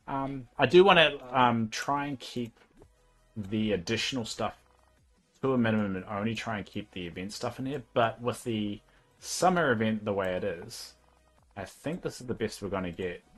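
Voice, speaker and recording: Kiwi man streaming, low relaxed voice. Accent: New Zealand. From New Zealand. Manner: relaxed, rambling, thinking aloud with fillers. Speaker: livestreamer. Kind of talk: casual livestream commentary while playing a game.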